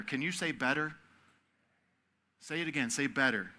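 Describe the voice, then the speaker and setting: A man preaching to young people in a very bright, sharp voice that sits a little high. He talks casually and asks the crowd to repeat words back to him. He moves between loud, emphatic stretches and hushed, quiet ones. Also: moderate pace, pauses often. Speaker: youth camp speaker. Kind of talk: sermon.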